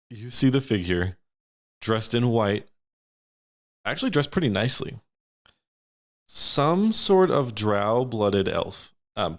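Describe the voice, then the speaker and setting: A man narrating a tabletop fantasy game as game master, describing scenes at length with frequent restarts. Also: fairly low pitch. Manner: descriptive, many fillers and restarts.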